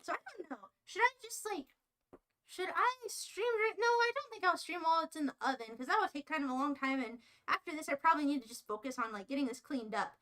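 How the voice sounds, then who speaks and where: Very high, bright, bubbly woman streamer. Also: fast. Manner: bubbly, gushing, excitable, talks to chat. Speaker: live streamer. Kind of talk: casual live-stream chat while cooking.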